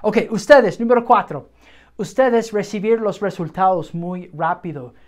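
A woman's voice: mid-range voice, normal speed. A middle-aged woman teaching medical Spanish in an upbeat, chatty video lesson, checking in with "okay" often.

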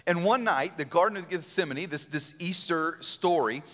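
A male pastor giving an Easter sermon in a church, conversational and animated, acting out quotes. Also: fairly high pitch, moderate pace. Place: church sanctuary. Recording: church hall reverb.

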